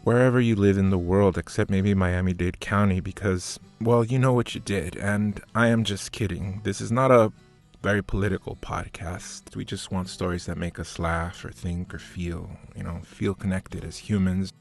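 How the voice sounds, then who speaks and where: A man's voice: low-pitched, steady tone, normal speed, gravelly. A man co-hosting a podcast, talking earnestly and candidly with some light joking. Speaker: podcast co-host. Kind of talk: casual podcast introduction. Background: faint guitar music.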